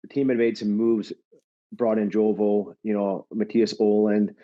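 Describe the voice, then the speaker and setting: A middle-aged man, a former pro athlete, chatting as a podcast guest and telling an animated anecdote, laughing often and swearing now and then. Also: on the low side, measured pace. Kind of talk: casual chat, storytelling. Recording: slightly dull lo-fi audio.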